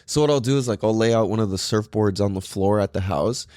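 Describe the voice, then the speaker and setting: A man's voice: fairly low pitch, fast talker, darkish tone, no room sound, studio quality. A young man hosting a podcast in a casual monologue, full of surfer slang, swearing and "like" and "dude". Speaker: podcast host.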